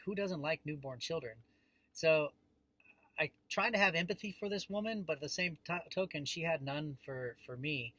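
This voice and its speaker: A man in his thirties hosting a casual vlog from his parked car, telling a story with an animated delivery and frequent fillers. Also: fairly high pitch, poor audio. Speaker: vlog host.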